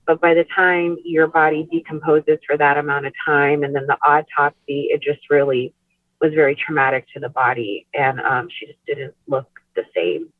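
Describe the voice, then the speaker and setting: A woman guest on a podcast, telling a personal story in a soft, halting way with many "like" and "you know" fillers. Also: low-pitched, steady tone, dry recording. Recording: tinny phone line.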